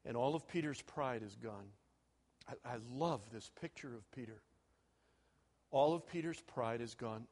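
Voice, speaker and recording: A man preaching to students, animated, acting out quoted speakers with big swings in volume. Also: medium pitch. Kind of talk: sermon.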